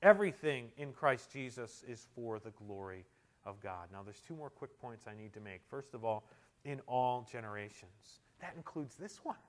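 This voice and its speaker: A male pastor preaching a sermon, moving between loud emphatic climaxes and quiet, intimate stretches. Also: on the low side, moderate pace. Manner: tells humorous anecdotes, shouting quoted amens.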